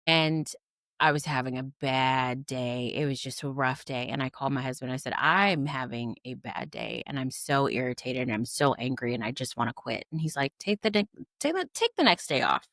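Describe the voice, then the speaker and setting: Low-voiced woman telling animated stories. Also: moderate pace, no echo, clean studio sound. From Kentucky. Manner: animated, acts out quotes with voices. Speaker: guest, bookstore owner. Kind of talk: casual storytelling.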